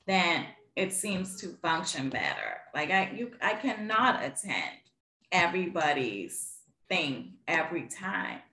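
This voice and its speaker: A woman with a bright, forceful voice talks earnestly about faith on a casual podcast. She is animated and laughs now and then, and her voice sits a little low and echoes in the room. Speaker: podcast co-host.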